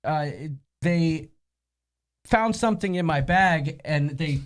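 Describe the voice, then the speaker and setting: A man's voice: a little high, takes it slowly. Chatty rambling male host. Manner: chatty, rambling, self-interrupting. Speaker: show host. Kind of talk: casual chat.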